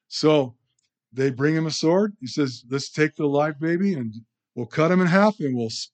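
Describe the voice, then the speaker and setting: A man's voice: fairly high pitch, lively intonation, measured pace, a little mellow. A man teaching a sermon in a conversational way, often asking the audience questions. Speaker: pastor.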